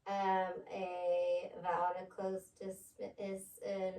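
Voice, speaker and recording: A woman with a mid-range, dark-toned voice tutors a pupil one-on-one in phonics, speaking slowly and in a completely flat way. She patiently spells out words letter by letter. The mic is distant, so her voice is off-mic in an echoey room.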